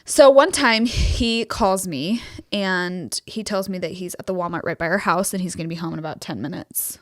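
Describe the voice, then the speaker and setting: A woman's voice: on the low side, normal speed, dry recording, studio quality. A young woman co-hosting a podcast, telling a story in a casual chat and acting out the people in it with giggles. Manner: animated storyteller, acts out quoted voices with giggles. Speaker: podcast co-host.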